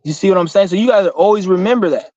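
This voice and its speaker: Young man, fairly high voice, blunt profane motivational rant, dry muffled lo-fi recording. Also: quick pace, darkish tone, dry recording. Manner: blunt, profane, rambling with restarts. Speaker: vlogger.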